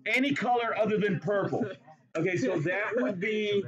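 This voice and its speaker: A man's voice: sits high, moderate pace, dull audio. Playful male chemistry teacher lecturing. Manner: playful, repeats words for emphasis. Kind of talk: classroom lecture. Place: classroom.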